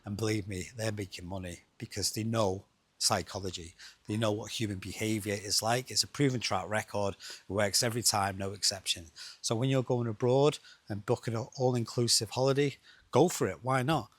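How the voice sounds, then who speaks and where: A middle-aged man, chatting quickly and rhetorically as he explains travel costs to viewers. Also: on the low side, fairly even intonation, no echo. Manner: chatty, rhetorical, fast-talking. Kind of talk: casual explainer monologue.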